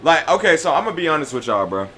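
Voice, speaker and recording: A man in his twenties chatting on a livestream at home, loud and profane, trash-talking his chat. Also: fairly high pitch, sing-song, racing, slight background noise. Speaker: streamer.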